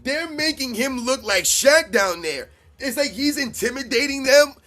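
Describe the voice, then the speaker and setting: A man with a very high voice reacts to a live game, urging players on and ranting with energy. He stresses his points by repeating them and shifts quickly between play-calling and stories. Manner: animated, emphatic, repeats points. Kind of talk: excited live game commentary.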